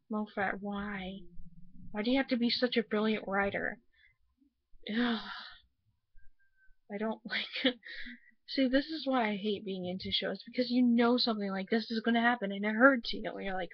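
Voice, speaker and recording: A woman's voice: mid-range voice, vocal fry, slightly rough, no room sound, dull audio. A young woman from the United States giving a casual, rambling video review, gushing with many fillers after crying. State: just finished crying. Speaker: vlogger.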